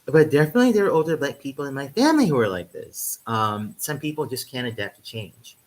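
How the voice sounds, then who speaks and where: A man's voice: mid-range voice, animated, fast, rough recording. A man talking casually to camera in a rambling, joking vlog, full of um fillers. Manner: rambling, heavy um fillers, chuckles at own jokes. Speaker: vlogger. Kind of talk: casual comedic monologue. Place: indoors in Europe, drinking wine.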